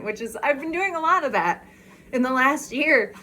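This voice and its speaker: A woman's voice: sits high, animated, normal speed, pushed and bright, a little hiss or hum. A woman vlogger chatting candidly in a casual walk-and-talk video, talking outdoors as she walks.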